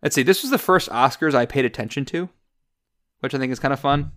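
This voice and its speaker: A man in the host's chair of a film podcast, talking casually and quickly. His voice sits at an ordinary middle pitch, and he keeps things lively with asides. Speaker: podcast host.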